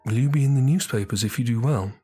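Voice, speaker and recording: A man voicing a gentle, anxious young village girl in a soft, hesitant tone pitched up from his own voice. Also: fast, breathy edge, faint music behind, close to an everyday voice.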